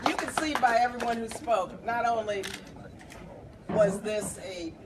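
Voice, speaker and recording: A woman's voice: fairly high pitch, a little slow. A woman, a congresswoman hosting a reception, speaking conversationally with wry laughs, recorded from a distance. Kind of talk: speech introducing speakers. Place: bar reception room, indoors. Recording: distant camera with background noise.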